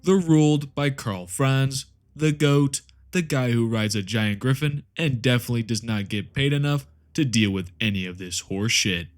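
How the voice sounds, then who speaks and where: A man's voice: medium pitch, moderate pace, few pauses. A man narrating a lore explainer in a comedic, scripted way, full of sarcastic jokey asides. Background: faint background music.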